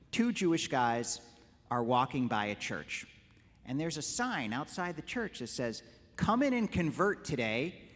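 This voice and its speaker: Animated rabbi lecturing in a hall. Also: male voice, mid-range voice. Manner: animated storyteller, conversational with restarts. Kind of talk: congregational lecture with jokes.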